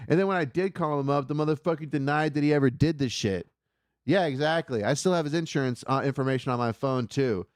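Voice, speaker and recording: Man, profane rambling storyteller, smooth resonant voice, dry close sound. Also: medium pitch, a little fast, dry recording. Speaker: comedy podcast guest. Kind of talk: casual storytelling chat.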